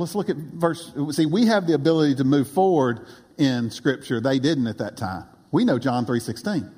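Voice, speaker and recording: A man preaching a sermon as pastor, with animated delivery that often drops to a low aside. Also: in a large hall. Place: church.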